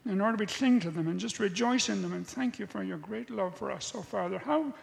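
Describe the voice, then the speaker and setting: A man's voice: sits high, fairly quick, gravelly. A man leading an earnest, fervent spoken prayer in church. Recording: long hall reverb.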